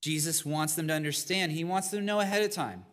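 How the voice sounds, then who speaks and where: A man's voice: on the high side, fast talker, a bit bright. A man preaching a sermon as pastor in a church, talking to the congregation in a conversational way with asides. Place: church sanctuary. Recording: long reverb of a large hall.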